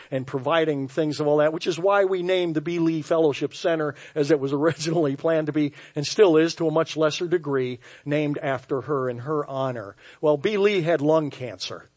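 A man preaching a sermon as pastor, telling a story with wry, self-mocking humor and swinging from hushed tones to loud outbursts. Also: on the high side, normal speed. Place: church sanctuary.

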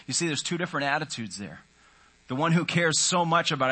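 A man's voice: mid-range voice, a little fast, bright, forceful tone. A man preaching a sermon in an earnest, conversational way, often voicing the inner thoughts of his listeners. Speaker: pastor.

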